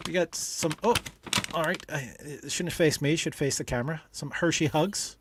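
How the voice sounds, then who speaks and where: A man hosting a casual livestream, rambling and halting, full of dad jokes. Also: fairly high pitch, noisy background. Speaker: livestream host.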